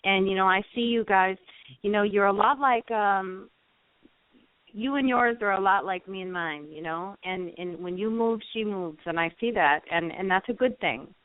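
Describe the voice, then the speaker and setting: A woman's voice: mid-range voice, normal speed, no room sound. A woman co-hosting a radio talk show, chatting in an encouraging, supportive way. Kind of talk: casual radio chat. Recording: dry, tinny phone-like line.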